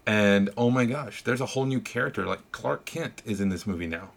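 A man in casual podcast chat, talking earnestly and candidly in short, halting bursts as he reviews a movie. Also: on the low side, gravelly.

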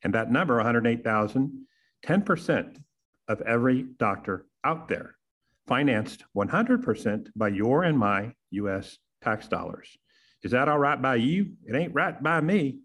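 A man's voice: medium pitch, sing-song, unhurried, a bit bright. A man, hosting a podcast and delivering a sarcastic, punchy opinion monologue full of rhetorical questions. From Texas. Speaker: podcast host.

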